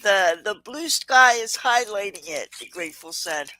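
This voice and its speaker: A woman's voice: mid-range voice, lively intonation, moderate pace, bright, forceful tone, rough recording. A woman with a Southern US accent hosting a casual crafting livestream, chatting and greeting viewers in the chat. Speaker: livestream host.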